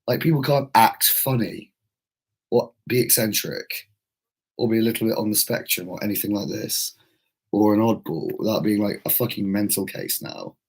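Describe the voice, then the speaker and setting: A man's voice: lowish voice, normal speed, breathy edge. A young British man hosting, ranting in a profane, digressive, exasperated monologue. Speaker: host.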